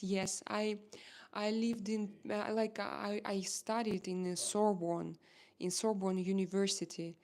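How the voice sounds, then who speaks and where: A woman with a Russian accent chatting casually on a live stream and answering her chat, halting now and then as she searches for English words and slips into French. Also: mid-range voice, darkish tone, clean tone.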